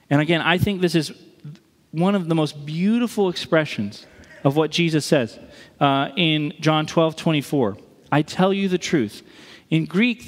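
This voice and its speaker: A man preaching a sermon in a conversational, animated way, acting out the voices he quotes. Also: a little high, normal speed. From Missouri. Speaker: pastor. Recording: reverberant hall.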